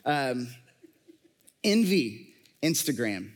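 A man's voice: medium pitch, very animated, very slow, big-room sound. A man giving a casual, conversational sermon to a live congregation, joking and using lots of fillers.

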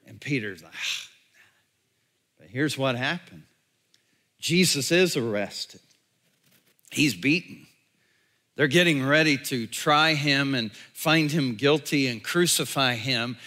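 Male pastor, sermon delivery, bright tone, slow deliberate pace, animated storytelling. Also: medium pitch. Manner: storytelling, animated, drops to hushed tones.

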